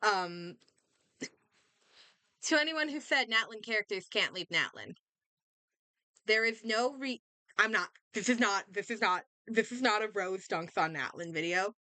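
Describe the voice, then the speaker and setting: A young woman hosting a casual reaction video, excitable and rambling, with lots of fillers and restarts, a little sick. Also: medium pitch, measured pace, pauses often, dry recording. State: slightly sick. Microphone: desk microphone.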